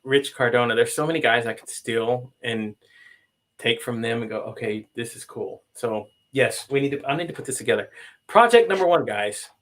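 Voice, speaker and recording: A man hosting a live-stream show over a video call, talking excitedly with frequent restarts and calling out to viewers. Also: mid-range voice. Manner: excitable, halting, addresses viewers as guys. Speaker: host. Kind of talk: casual live-stream chat.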